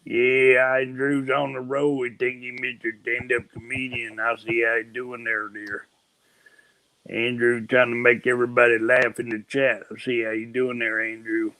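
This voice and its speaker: A man's voice: medium pitch, little pitch movement, normal speed, pushed and bright, dry recording, rough recording. A man, co-hosting a livestream in playful, folksy banter. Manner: playful teasing, folksy drawl. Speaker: livestream co-host. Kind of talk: casual livestream chat.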